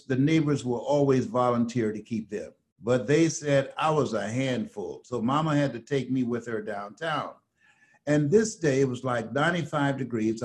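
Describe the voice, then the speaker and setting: An older man from the United States, a motivational speaker telling stories as a guest, slow and emphatic like a preacher. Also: medium pitch, darkish tone. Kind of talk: storytelling motivational talk.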